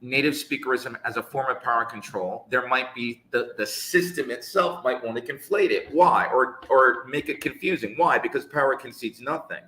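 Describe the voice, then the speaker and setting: A man co-hosting a live chat as an English teacher. He talks in an emphatic, preaching way, firing off rhetorical questions. His voice is bright and forceful, and the room around him rings with echo. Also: mid-range voice, normal speed, few pauses. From United States. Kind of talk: live conversational discussion.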